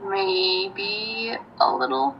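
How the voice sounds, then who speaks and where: Young female interviewee, halting with frequent ums, unhurried, light background hiss. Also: mid-range voice, expressive. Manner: hesitant, pausing with ums. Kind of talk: casual interview answers. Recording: dull lo-fi sound, faint noise.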